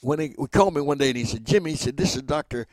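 A man's voice: mid-range voice, racing, no room sound. Older male entertainer as interview guest, spins anecdotes and voices the quotes, dry close sound. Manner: animated storyteller who acts out quoted dialogue.

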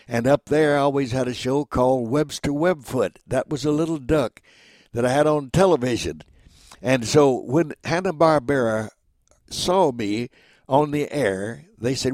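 A man in his nineties, a voice actor, telling stories in a folksy, animated way as an interview guest. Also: mid-range voice, no echo. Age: 90s. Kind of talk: casual interview storytelling.

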